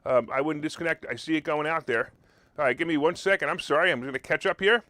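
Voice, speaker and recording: Guy ranting sarcastically on his talk radio show, kinda high voice, dry sound. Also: fast, pushed and bright, dry recording. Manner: sarcastic, mocking rants. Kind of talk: opinionated political talk radio.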